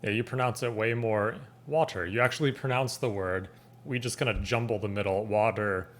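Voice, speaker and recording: A man's voice: medium pitch, steady tone, fairly quick, a bit bright. A man with a Californian accent hosting a reaction video, casually trying out words aloud.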